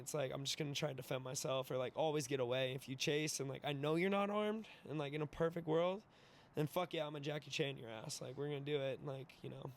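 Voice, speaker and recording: A man telling a fight story in casual, profane, animated style, acting out the voices of the people in it. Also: a little high. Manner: animated, profane, acts out voices in his stories. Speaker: podcast guest, mixed martial artist.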